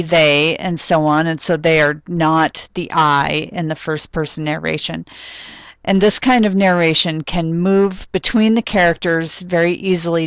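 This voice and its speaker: Woman lecturer, low voice, dry sound, explanatory with ums and restarts. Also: no echo. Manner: explanatory, thinks aloud with frequent ums and restarts. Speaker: literature lecturer. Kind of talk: recorded classroom lecture.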